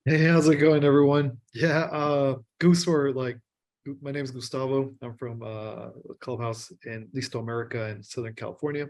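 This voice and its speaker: A man's voice: medium pitch, steady tone, moderate pace, a little mellow. A man, a workshop participant, introducing himself in a friendly way over a video call. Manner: friendly, laughs easily. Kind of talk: casual self-introduction.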